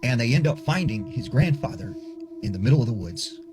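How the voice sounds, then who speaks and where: A man's voice: mid-range voice, big pitch swings, a little fast. A man casually telling a spooky story, chatty and loose, full of filler words. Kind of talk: casual spoken ghost story. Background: music.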